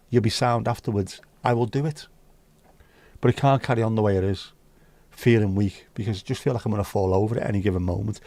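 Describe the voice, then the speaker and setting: A man's voice: medium pitch, gravelly, warm tone, no echo. British bloke chatting on his stream, blunt n sweary, mid voice, dry sound. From United Kingdom. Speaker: livestream host. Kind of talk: casual chat.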